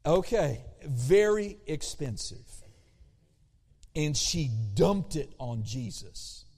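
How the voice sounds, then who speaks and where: Preacher, male, high pitched, animated, loud then hushed, recorded with hall reverb. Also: slow pace. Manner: animated, shifts between loud emphasis and hushed asides. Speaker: pastor. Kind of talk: sermon. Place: church sanctuary.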